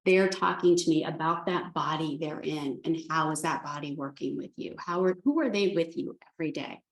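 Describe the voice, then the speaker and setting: A woman's voice: low-pitched, fairly quick. A woman speaking as an animal communicator, telling stories in a chatty way with lots of restarts. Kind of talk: spiritual talk. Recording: echoey room.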